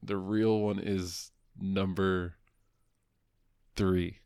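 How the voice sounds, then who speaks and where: Podcast co-host: a man with a lowish voice, rambling jokey delivery, dry close recording. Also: flat delivery, drawn-out words, a little mellow, smooth, no echo. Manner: joking, swears casually, rambling. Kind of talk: casual podcast banter.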